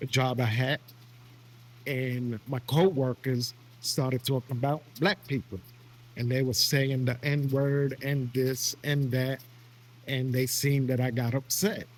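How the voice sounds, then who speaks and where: A man's voice: mid-range voice, level tone, takes it slowly. A man talking in a casual conversation, plain-spoken and emphatic.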